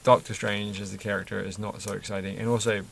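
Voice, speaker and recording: A man talks in a loose, rambling way, chuckling and correcting himself as he goes. His voice sits low with a gravelly fry to it. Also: flat delivery, fast talker, a bit bright, slight background noise. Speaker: Lego build vlogger. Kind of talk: casual chat while building.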